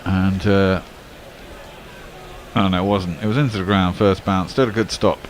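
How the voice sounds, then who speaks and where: Excitable cricket commentator, faint hiss. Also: male voice, deep voice, normal speed. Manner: excitable bursts on big shots, relaxed chat between balls. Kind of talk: ball-by-ball radio commentary.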